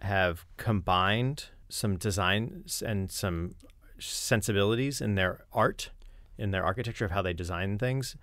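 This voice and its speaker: A man's voice: on the low side, a little slow, no room sound. Casual male podcast host, dry sound. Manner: relaxed, hesitant, lots of fillers. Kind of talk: casual tabletop game chat.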